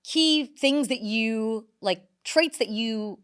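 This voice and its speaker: A woman in her thirties, a comedian guest on a podcast, telling stories in a lively way with many fillers. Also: on the high side, takes it slowly, clean tone. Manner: animated storyteller, many "like" fillers. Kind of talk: casual podcast interview.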